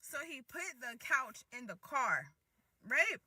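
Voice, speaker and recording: A woman's voice: high voice, sing-song, takes it slowly, sharp tone, distant mic. A woman casually telling a rambling story, restarting sentences and often asking "right?".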